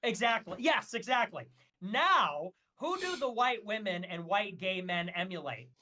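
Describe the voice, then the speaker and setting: A man's voice: high-pitched, sing-song, unhurried, pushed and bright. A man talking as a guest on a casual livestream, ranting emphatically and with strong opinions, with frequent fillers.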